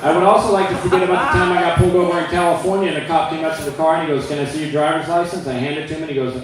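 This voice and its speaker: Male stand-up comic, high voice, deadpan, plays out dialogues; mic at a distance in a busy room. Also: rapid-fire. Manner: deadpan storytelling, acting out both sides of dialogues. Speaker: stand-up comedian. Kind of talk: stand-up comedy set. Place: club stage with audience. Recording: echoey room, from far off, audience.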